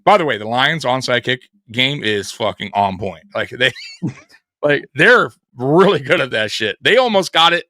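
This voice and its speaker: Excitable, profane man, bright voice. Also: medium pitch, unhurried. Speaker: co-host of sports show. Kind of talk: casual live sports chat.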